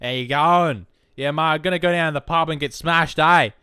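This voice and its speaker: A man voicing a loud, matey stereotypical Australian bloke with a broad Australian accent and a drawl, tacking "eh" onto his lines. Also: a little high, normal speed, smooth, dry recording, clean studio sound, pitched above the performer's own voice.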